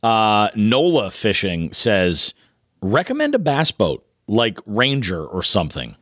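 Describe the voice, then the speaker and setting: A low-pitched man chats casually as a podcast co-host, quick to agree and back up his partner. He reads out listener questions in an easy, conversational tone. The recording is close and dry. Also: huge pitch swings, fairly bright tone, no echo.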